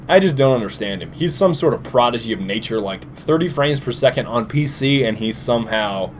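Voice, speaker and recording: A tired young man giving casual, jokey gameplay commentary with sudden loud outbursts. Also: mid-range voice, a little hiss or hum. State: tired, short on sleep. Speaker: gaming commentator.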